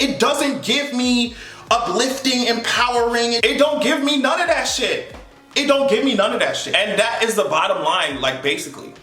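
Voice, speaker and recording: A man's voice: extremely high pitch, bright, forceful tone. A man giving a heated, sarcastic, profane opinion rant to camera as a vlogger, often mocking other people's voices. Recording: echoey room with faint music.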